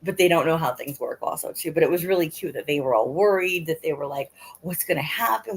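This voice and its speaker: Middle-aged woman host, husky lowish voice, rambling chatty storyteller. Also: lively intonation, quick pace. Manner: chatty, rambling, full of fillers and laughs. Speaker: livestream host. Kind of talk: casual storytelling to chat.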